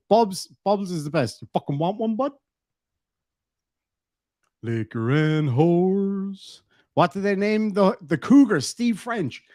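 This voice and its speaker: A man's voice: mid-range voice, a little mellow, no room sound, clean studio sound. An Irish man casually chatting to his live-stream audience, laughing often and swearing freely. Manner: profane, laughing, quoting lines.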